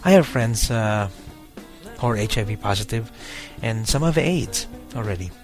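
A man's voice: lowish voice, lively intonation, normal speed, soft background music. A man hosting a podcast, talking casually to his listeners with many fillers and restarts. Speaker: podcast host.

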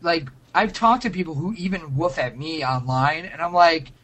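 A man's voice: on the high side, normal speed. A man co-hosting a casual podcast chat, talking animatedly and jokingly, with many fillers. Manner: animated, jokey, lots of fillers. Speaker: podcast co-host.

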